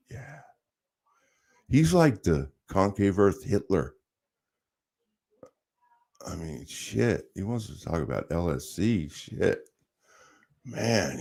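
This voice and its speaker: A man's voice: sits low, creaky, mellow. A man chatting casually as a podcast host, laid-back and profane, dropping "dude" and "bro" often. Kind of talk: casual chat.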